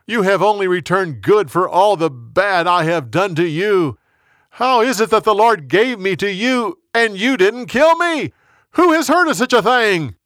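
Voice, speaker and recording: A man's voice: sits high, expressive, unhurried, a bit bright, no echo, studio quality, voice pushed up. A man voicing a remorseful older king who has broken down in tears in a storybook tale. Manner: tearful, broken, raised.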